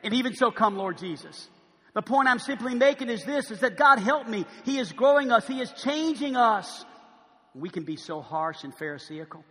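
A man preaching a sermon as pastor, animated, swinging from loud calls to a hushed near-whisper. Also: extremely high pitch, normal speed. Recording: long reverb in a large hall.

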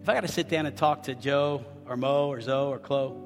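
A man preaching as a pastor, swinging from quiet, confessional talk to loud, shouted passages. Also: medium pitch, fairly even intonation, brisk, in a large hall, faint music behind. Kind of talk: sermon.

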